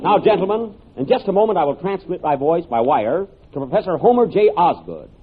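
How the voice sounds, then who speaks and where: A man's voice: a little high, very animated, a little fast. A man hosting a radio comedy, playing a pompous, exasperated professor in 1930s radio acting style. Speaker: comedy show host playing Professor Bell. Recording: tinny noisy old radio broadcast.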